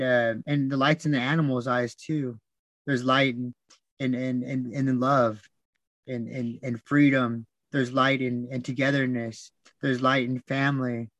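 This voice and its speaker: A man talking as a podcast guest, telling stories in a soft, reflective way, repeating words and restarting often. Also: mid-range voice, no echo. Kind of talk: reflective storytelling.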